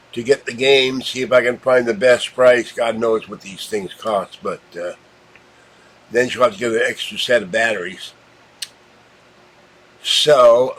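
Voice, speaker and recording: A man's voice: medium pitch, poor audio. A man from Pittsburgh hosting a casual unboxing vlog, talking to the camera in a rambling, meandering way. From Pittsburgh, USA. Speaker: channel host.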